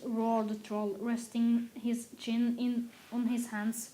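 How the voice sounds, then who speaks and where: A woman's voice: fairly high pitch, monotone, takes it slowly, few pauses, warm tone. A woman with a Norwegian accent, her first language Norwegian, reading a fairy tale aloud carefully, with slips and restarts.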